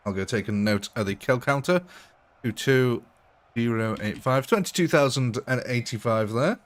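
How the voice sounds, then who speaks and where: A man's voice: medium pitch, moderate pace. A man live-streaming a game, chatting casually, answering viewers' comments and laughing often. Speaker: gaming livestreamer.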